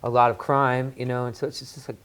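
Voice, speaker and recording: A man's voice: mid-range voice, little pitch movement, fast, a bit bright, clean tone. Joking man telling stories, rambling. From Washington, D.C. area, USA. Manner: joking, rambling, with filler words. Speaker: talk show guest, musician. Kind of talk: casual storytelling chat.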